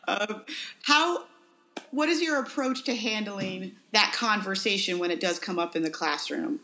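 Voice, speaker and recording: Host lady asking a question, bright sharp voice, kinda hesitant. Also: medium pitch, measured pace. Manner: searching, hesitant phrasing. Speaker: podcast host. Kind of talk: interview question.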